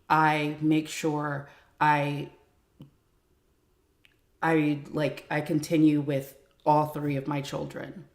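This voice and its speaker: Woman, live stream host, frank casual chat, gravelly, echoey home room. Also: low voice, darkish tone. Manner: chatty, frank, swears casually.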